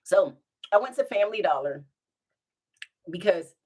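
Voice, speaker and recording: A woman telling funny everyday stories to her viewers in a relaxed, chatty way. Her voice rises and falls with a lot of movement. She keeps giggling and breaking into laughter between lines. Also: fairly low pitch, a little slow, husky. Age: adult with children. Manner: giggly, animated, bursts into laughter. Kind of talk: casual storytime.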